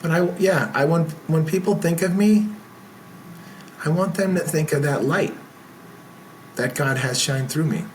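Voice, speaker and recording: A man's voice: a little high, a little slow, pauses often, slight background noise. Earnest man. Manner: earnest, with frequent filler words. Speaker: podcast guest, event founder. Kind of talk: casual interview talk.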